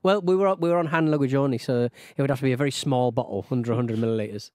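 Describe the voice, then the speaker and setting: A man's voice: medium pitch, rapid-fire, darkish tone, no echo, studio quality. A man co-hosting a podcast, chatting casually in a rambling, hesitant way full of ums and restarts. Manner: rambling, hesitant storytelling with many fillers. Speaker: podcast co-host. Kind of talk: casual chat.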